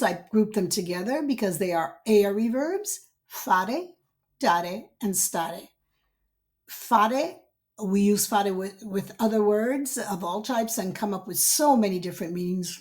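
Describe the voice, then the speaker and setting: A woman teaching as a language teacher, speaking patiently and pausing to drill each verb form one word at a time. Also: medium pitch, a little mellow. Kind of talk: slow instructional voice-over.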